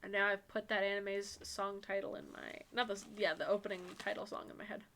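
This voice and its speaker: A woman's voice: mid-range voice, monotone, fairly bright tone, slight background noise. A woman streamer reading a dating game aloud with playful, chatty asides. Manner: playful, quick asides with laughter.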